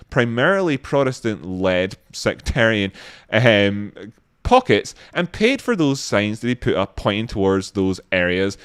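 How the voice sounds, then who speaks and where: Sarcastic guy ranting through the news on his stream, smooth clear voice, swears a lot. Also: no room sound, studio quality. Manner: sarcastic, scornful, with swearing and sudden pitch jumps. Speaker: livestream host. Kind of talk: casual ranting news commentary.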